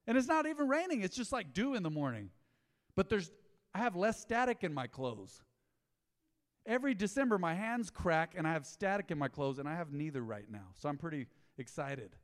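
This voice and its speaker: A man preaching a sermon as pastor, animated and conversational, calling on the congregation to repeat words after him. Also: on the high side, big-room sound.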